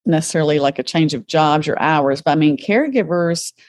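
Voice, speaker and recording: A middle-aged woman appears as a podcast guest in a conversational interview, telling her story earnestly and vividly. Her low voice is brisk and darkish, and her faith-centered words are full of compassion.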